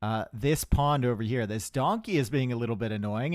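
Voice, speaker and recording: A man's voice: mid-range voice, fairly quick, hardly any pauses. A young man casting a live strategy game match, chatty and rambling, with asides to his chat. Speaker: esports caster.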